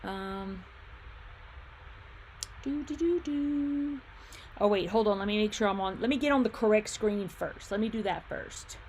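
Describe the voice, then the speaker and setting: A woman's voice: mid-range voice, fairly even intonation, fairly quick, few pauses, darkish tone, a little hiss or hum. A woman hosting a casual livestream, chatting and thinking aloud as she reads viewer comments, laughing easily and humming while she fiddles with her screen. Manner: laughs easily, hums filler sounds. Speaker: livestream host and quilt shop owner.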